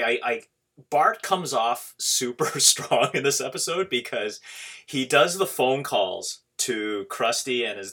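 A man's voice: mid-range voice, pushed and bright. A man hosting a podcast in casual chat, rambling with many restarts and laughs. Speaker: podcast host.

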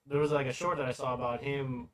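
A man's voice: mid-range voice, level tone, fast talker, crowd noise. A young man co-hosting a podcast in an easygoing way, asking questions and laughing along. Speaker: podcast co-host. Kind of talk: casual chat.

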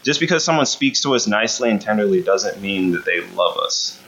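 A man's voice: fairly low pitch, lively intonation, brisk, a bit bright. A man giving a conversational sermon, often checking in with the room by asking "right?". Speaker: preacher. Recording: dull lo-fi sound.

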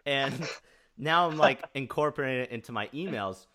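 A man's voice: medium pitch, moderate pace, sharp tone. A young American man co-hosting a casual chat, rambling and laughing often as he asks questions. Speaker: podcast co-host.

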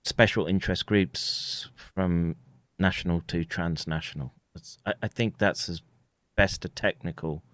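A man with a very low voice hosts a loose, casual conversation. He rambles and restarts his sentences often. The sound is dry and close. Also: fairly even intonation, a little slow, fairly bright tone, no room sound. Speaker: podcast host.

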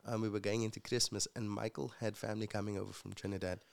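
A man's voice: lowish voice, flat delivery, fast talker, gravelly. A man from Africa, telling his life story in a casual interview in an earnest, reflective way. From South Africa. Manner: earnest, reflective, with many fillers. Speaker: guest and future co-host.

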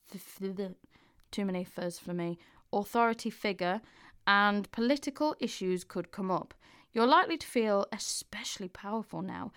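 A woman's voice: a little high, no echo, studio quality. Giggly, sweary woman telling stories. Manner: chatty, giggly, swears freely. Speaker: podcast host. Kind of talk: casual podcast storytelling.

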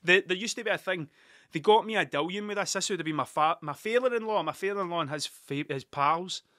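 A man's voice: sits high, quick pace, bright, forceful tone, no echo, clean studio sound. A Scottish man in his thirties, telling stories in a casual, rambling way, often swearing and interrupting himself. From Scotland. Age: 30s. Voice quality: sweary, digressive, self-interrupting. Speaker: vlogger.

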